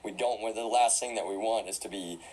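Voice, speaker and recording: Man, very low voice, rambling live-stream monologue, faint background hum. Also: fairly quick, a little mellow, low-quality recording. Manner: rambling, full of fillers and self-corrections.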